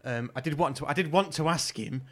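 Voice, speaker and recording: A man's voice: on the high side, a little fast, a bit bright. A man co-hosting a casual podcast chat who butts in eagerly and repeats his words. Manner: interjects eagerly, repeats himself.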